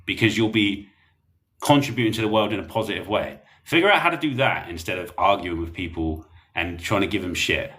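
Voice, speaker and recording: A man's voice: sits low, fairly bright tone. A young man, chatting bluntly and rambling while reading comments on a livestream. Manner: blunt, rambling, laughs often.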